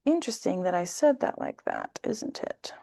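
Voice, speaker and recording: A woman giving a casual tarot reading to camera, talking in a chatty, animated way and acting out short bits of dialogue. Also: mid-range voice, normal speed, vocal fry, no echo, clean studio sound. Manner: chatty, animated, acts out little voices. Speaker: tarot reader.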